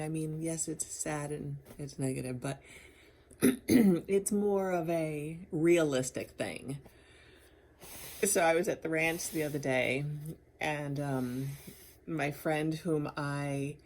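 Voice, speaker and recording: Woman, vlogger, lowish voice, candid, rambling, laughs a lot. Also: darkish tone. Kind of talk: personal video diary.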